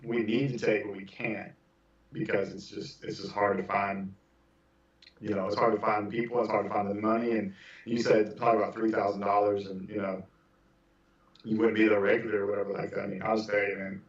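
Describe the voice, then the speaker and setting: A man's voice: fairly low pitch, little pitch movement, fairly quick. A man who teaches percussion, chatting casually on a podcast in a rambling way with lots of fillers. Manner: rambling, many "you know" fillers. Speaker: percussion instructor. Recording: echoey, distant, dull sound.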